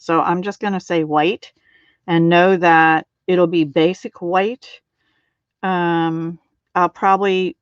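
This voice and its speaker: A chatty middle-aged woman hosts a live craft tutorial from her home craft room. She talks to viewers by name and fills pauses with ums and soft laughs. The audio is dull and lo-fi, with a dry, close sound. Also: lowish voice, smooth, dry recording. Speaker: card-making demonstrator.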